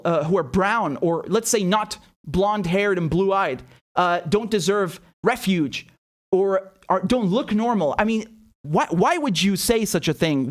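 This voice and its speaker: A man giving heated, profane political commentary, emphatic and mocking, repeating words as he presses his points. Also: high voice. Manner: rhetorical and mocking.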